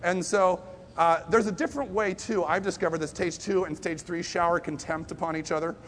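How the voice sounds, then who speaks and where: A man with a high, bright-sounding voice delivers a sermon as if talking with friends. He moves from quiet to loud emphasis as he tells stories. He pokes fun at himself, and a faint rumble sits behind him. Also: a little fast. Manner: lively storyteller, swings between hushed and loud emphasis; self-deprecating asides. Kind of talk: conversational sermon.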